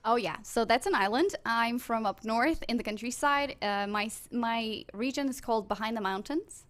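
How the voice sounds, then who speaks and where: A woman's voice: a little high, normal speed, a bit bright. A woman from Portugal with a Portuguese accent, co-hosting a studio radio show in a bubbly, laughing manner. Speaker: co-host and producer. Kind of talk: casual radio show chat.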